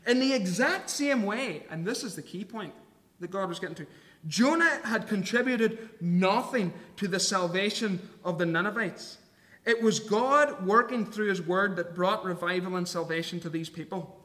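Bright-voiced male preacher in a reverberant hall. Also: sits high, moderate pace. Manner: earnest, emphatic, reads scripture aloud. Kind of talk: sermon.

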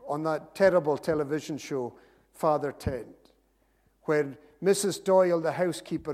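A man's voice: a little high, a little mellow. A man preaching a sermon, earnest and rising to emphatic repeated phrases. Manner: earnest, builds to emphatic repetition. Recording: long hall reverb.

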